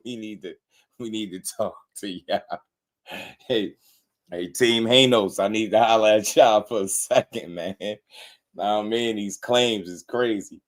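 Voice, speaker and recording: A man hosting a casual boxing commentary show, blunt and slangy, laughing often as he talks. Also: fairly low pitch.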